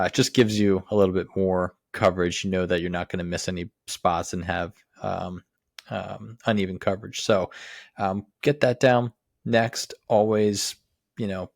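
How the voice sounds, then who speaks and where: A man with a very deep voice and very little pitch movement gives lawn care instructions. He talks in an easy, practical way, dotted with "uh" and "um". The sound is dry and close to the mic. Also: no room sound. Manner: plain how-to explaining with many "uh"s. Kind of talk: casual instructional talk.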